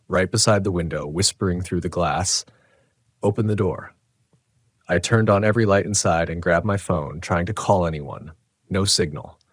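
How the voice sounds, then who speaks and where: A man with a very deep, low voice reading a scripted horror story, measured and tense. The sound is dry and close-miked, with no room at all. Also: dry recording. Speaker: narrator.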